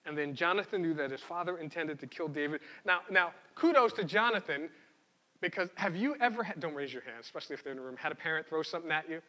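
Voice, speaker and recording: A man preaching a sermon in an animated, conversational way, often repeating words as he goes. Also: fairly high pitch, fast talker, long reverb tail. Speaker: pastor.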